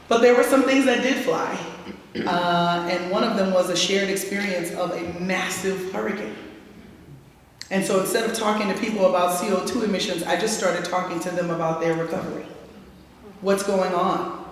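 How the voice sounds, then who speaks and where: A woman from gives a keynote speech in a plain, folksy way and talks straight to the crowd. Her voice carries a long reverb from a large hall. She sounds some distance from the microphone, with a faint hiss underneath. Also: fairly low pitch. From South Louisiana, USA. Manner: folksy, direct, teasing the audience. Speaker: keynote speaker. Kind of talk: conversational keynote speech to a live audience. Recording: echoey hall, voice from far off, faint noise.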